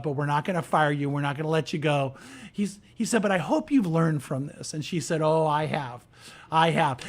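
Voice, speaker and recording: A male pastor, preaching a conversational storytelling sermon and lifting his voice when quoting people. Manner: conversational, animated, raises pitch for quoted characters.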